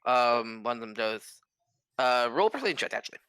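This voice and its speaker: A man's voice: mid-range voice, very animated, a little fast, sharp tone, clean tone, dry recording. A man narrating as game master in a casual, rambling way.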